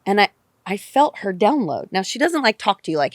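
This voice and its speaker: A woman podcast guest telling a personal story in an animated way, repeating phrases and swearing casually. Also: medium pitch, fast talker, no echo, studio quality.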